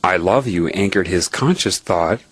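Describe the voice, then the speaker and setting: Very deep, husky man telling a spiritual story. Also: animated, normal speed, no room sound. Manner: earnest, explanatory, tags points with "right?". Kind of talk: spiritual monologue told as a personal story.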